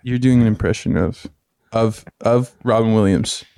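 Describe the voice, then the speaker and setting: A man in casual comedy podcast chat, talking quickly, interrupting and laughing easily. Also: lowish voice, gravelly, dark tone, smooth, dry recording.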